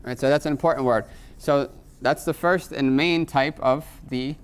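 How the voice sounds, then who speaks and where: A man's voice: medium pitch, clear, resonant tone. Man teaching grammar to a class. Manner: quizzes students with frequent rhetorical "right?"; slows to spell out Arabic terms. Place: classroom with students.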